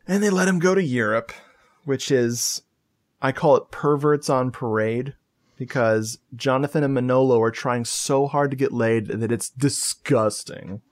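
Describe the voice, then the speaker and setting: A man's voice: mid-range voice, a little slow. A man hosting a casual movie review podcast, telling the plot in a chatty way and laughing often. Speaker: podcast host.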